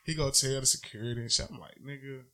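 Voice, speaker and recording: A man co-hosting a casual podcast, telling a story in a loose, profane and animated way. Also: medium pitch, racing, creaky. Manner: profane, animated storytelling, loud when riled. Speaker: podcast co-host.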